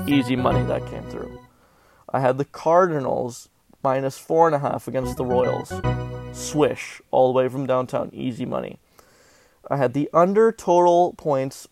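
A man with a gravelly, creaky voice hosts a sports betting show in casual chat. He's animated and melodramatic, mocking himself over his losses. The sound is dry and close to the mic. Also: mid-range voice, no room sound. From Southern California. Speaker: sports betting podcast host.

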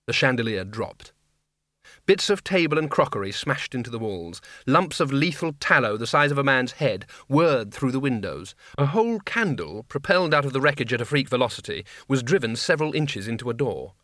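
A man reading a comic fantasy audiobook in a dry, measured storytelling manner. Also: medium pitch, sing-song, fairly bright tone, dry recording. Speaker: audiobook narrator. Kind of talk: scripted narration.

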